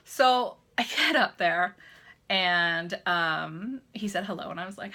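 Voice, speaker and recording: A Canadian woman in her thirties tells a personal story straight into her camera, chatty and animated. Her voice is bright and clear, and she slips into other people's voices when she quotes them. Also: on the low side, moderate pace. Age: 30s. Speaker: vlogger.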